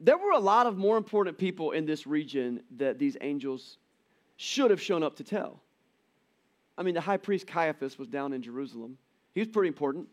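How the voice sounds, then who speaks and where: A man preaching to a church congregation with a fairly high voice. He talks in a relaxed, conversational way, lively and quick to crack a joke on the side. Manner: conversational, animated, jokey asides. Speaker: pastor. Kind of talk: sermon.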